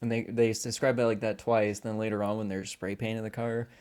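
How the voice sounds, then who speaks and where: A man's voice: on the low side, flat delivery, a little fast, darkish tone, clean tone. A man co-hosting a film podcast, chatting casually and animatedly, acting out quoted lines and swearing often. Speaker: podcast co-host.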